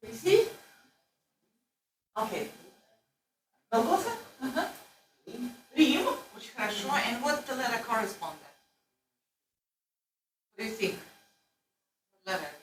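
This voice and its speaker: A woman teaches a classroom lesson with a lively, swooping voice that rises high as she coaxes and corrects her students. She sounds far from the microphone. The room echoes around her. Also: takes it slowly, pauses often. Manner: animated, corrective and coaxing. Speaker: language teacher. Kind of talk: classroom instruction. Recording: roomy, distant classroom recording.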